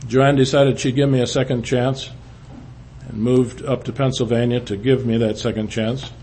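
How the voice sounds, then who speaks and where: An older man telling a personal testimony to a church, halting, with frequent restarts, often dropping low and quiet. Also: flat delivery, a little hiss or hum. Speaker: speaker giving testimony.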